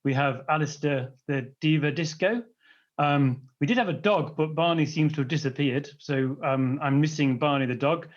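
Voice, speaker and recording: A man presenting an award at an online ceremony, friendly and a little halting, with fillers between phrases. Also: a little high. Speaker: award presenter, company executive. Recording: dull lo-fi audio.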